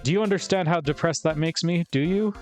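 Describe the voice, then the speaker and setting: A man's voice: a little high, a little fast, a little mellow, soft background music, voice pushed up, lightly acted. A man putting on a pompous blustering surgeon. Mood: indignant. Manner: huffy, self-pitying, blustering. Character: pompous arrogant male surgeon, middle-aged, indignant.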